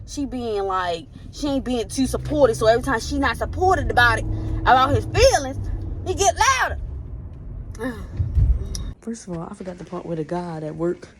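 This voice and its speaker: A young woman in her twenties from Baltimore, with a Baltimore accent, telling stories in an animated, slangy vlog chat from her car. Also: fairly high pitch, normal speed. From Baltimore, Maryland. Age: 20s. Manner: animated storytelling, loud put-on shouting in retold quotes, swearing slang. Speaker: vlogger. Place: in a car and around town. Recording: noisy phone vlog with car and street noise.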